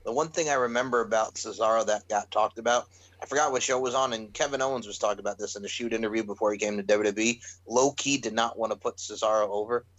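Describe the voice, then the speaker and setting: Animated, foul-mouthed podcast host. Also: male voice, fairly low pitch, fast talker, rough recording. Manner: animated, profane, laughing often. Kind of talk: casual podcast chat.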